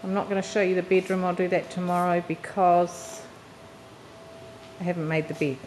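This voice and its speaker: A woman's voice: lowish voice, moderate pace. A woman casually narrating a tour of her family home, filmed on a handheld camcorder. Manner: chatty, relaxed, laughs softly between remarks. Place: inside a family house. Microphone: handheld camcorder mic. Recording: noisy home camcorder audio.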